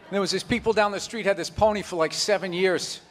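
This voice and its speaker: A man doing a stand-up comedy set on a club stage, rambling and animated with constant "you know" asides. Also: sits high, quick pace. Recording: live club recording with reverb and crowd.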